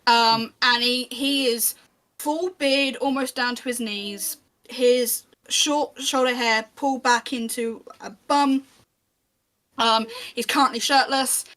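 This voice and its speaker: A woman's voice: fairly high pitch, steady tone, slow pace, a bit bright, poor audio. A woman narrating as game master of a tabletop game, chatty, with frequent ums and restarts.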